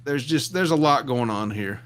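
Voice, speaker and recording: A man's voice: medium pitch, expressive, moderate pace. A man co-hosting a casual live chat show with wry, joking commentary.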